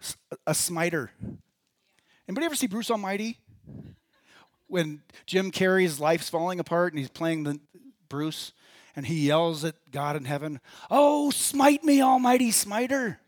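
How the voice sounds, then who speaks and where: A man's voice: a little high, normal speed, pauses often, dry recording. Conversational male pastor preaching. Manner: conversational, asks the congregation questions. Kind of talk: sermon. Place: church.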